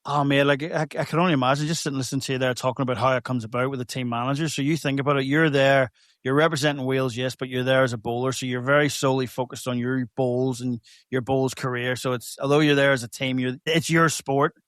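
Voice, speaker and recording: A man's voice: medium pitch, steady tone, quick pace, fairly bright tone, no echo, studio quality. A man hosting a podcast, chatting with a guest in an enthusiastic, matey way. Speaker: podcast host. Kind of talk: casual interview chat.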